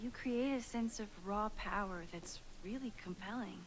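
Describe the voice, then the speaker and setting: Woman voicing Max Caulfield, soft young teacher. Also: medium pitch, moderate pace, slight background noise, close to an everyday voice. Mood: friendly. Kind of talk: game dialogue.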